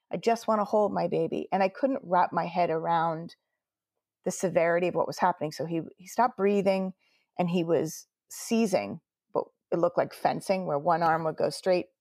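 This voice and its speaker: A woman's voice: lowish voice, a little mellow, no echo, clean studio sound. A woman, a nurse telling her story earnestly in an interview, quoting her own words along the way. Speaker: guest nurse.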